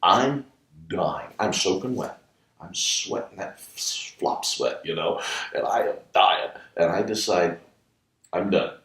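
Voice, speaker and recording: Man, ventriloquist guest, lively pitch, distant mic, storytelling interview. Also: slow. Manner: animated, laughing storyteller. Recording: roomy room, distant mic.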